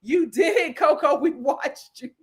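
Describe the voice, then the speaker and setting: A high-voiced woman hosts a casual commentary show. She reads viewer comments aloud and reacts in an animated, sassy way, often breaking into laughter. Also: slow pace. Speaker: host.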